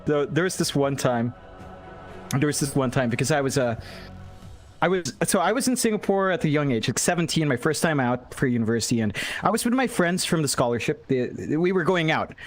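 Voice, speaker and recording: A man in his twenties from the Philippines, an esports caster chatting casually on a live stream and laughing at himself often. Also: medium pitch.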